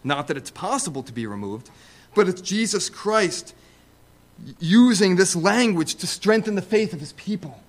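A man preaching a sermon, speaking conversationally with asides and building to loud, emphatic repeated stresses. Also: sits high, animated, moderate pace.

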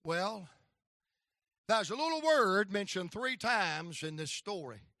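A man preaching a folksy storytelling sermon with a North Carolina accent, rising now and then to shouts of praise. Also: high voice, lively intonation, takes it slowly, no echo, studio quality.

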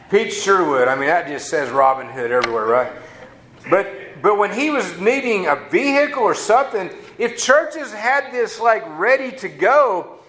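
A man with a drawl preaches in a loose, folksy way, tossing in casual asides. His voice sits a little high for a man. The sound carries a noticeable room echo. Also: a bit bright. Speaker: pastor. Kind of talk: sermon. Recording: echoey room.

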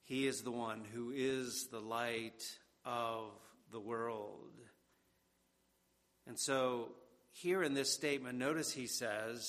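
A man preaching a sermon, deliberate and emphatic, repeating key words for weight. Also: medium pitch, steady tone, a bit bright. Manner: slow and deliberate, with emphatic repetition. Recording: long hall reverb.

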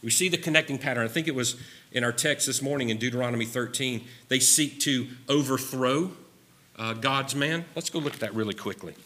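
A man's voice: mid-range voice, moderate pace, bright, forceful tone. A man preaching a sermon with emphasis, repeating key phrases and sometimes wandering off his notes. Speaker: pastor.

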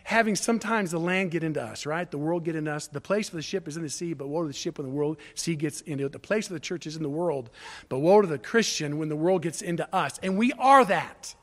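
Talking fast in a slightly high voice, a middle-aged male pastor preaches with rising intensity, driving his points home through repeated phrases.

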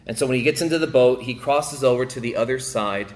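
A male pastor preaches a sermon, talking fast in a medium-pitched voice. He repeats phrases for emphasis and swings between raised, emphatic passages and hushed, quiet ones.

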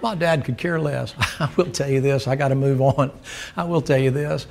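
A man's voice: medium pitch, steady tone, normal speed, creaky. An older man preaching a sermon, telling a folksy story, laughing and acting out the dialogue.

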